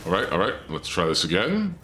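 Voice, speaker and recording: A man's voice: deep voice, wildly swooping pitch, a little fast, pushed and bright, a little hiss or hum. A male streamer chatting casually to his viewers and muttering self-critically while he plays a game. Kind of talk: casual gameplay commentary.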